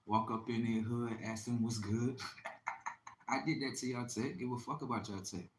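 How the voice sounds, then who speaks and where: A man hosting a livestream, delivering a boastful, taunting, profane monologue that swings between loud outbursts and low mutters. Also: steady tone, moderate pace. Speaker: livestream host. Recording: echoey room with faint ambient noise.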